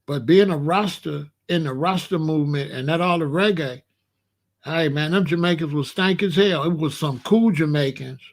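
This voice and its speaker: A man's voice: a little high, moderate pace. A man from Chicago hosting a blunt, profane commentary rant. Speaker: host.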